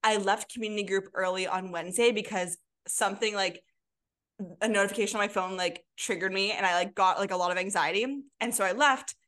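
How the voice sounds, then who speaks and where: Young female co-host, mid-pitched, earnest and rambling, casual talk. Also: fairly even intonation, fairly quick, fairly bright tone. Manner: earnest, filler-heavy, lots of "like". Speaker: podcast co-host. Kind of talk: casual chat.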